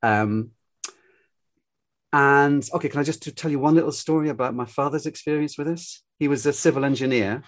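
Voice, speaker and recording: A man's voice: medium pitch, brisk. An older man from Scotland with a light Glaswegian accent, a storyteller guest talking casually in an interview, reflective and drifting into anecdotes. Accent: light Glaswegian Scottish.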